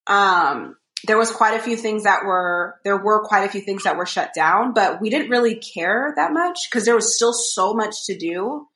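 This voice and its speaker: A young woman chats on a podcast, telling a story that wanders, full of fillers and acted-out quotes. Her voice sits at a middle pitch and carries echo from the room around her. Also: lively intonation, moderate pace, few pauses, a bit bright. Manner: rambling storyteller, many fillers, acts out quotes. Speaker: podcast co-host. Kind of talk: casual chat.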